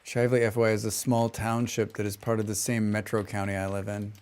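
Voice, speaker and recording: A man with a flat General American accent, a game streamer chatting casually while he plays, rambling from point to point and humming little tunes to himself between remarks. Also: lowish voice, fast talker, clean tone. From western United States. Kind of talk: casual chat while gaming and reading chat.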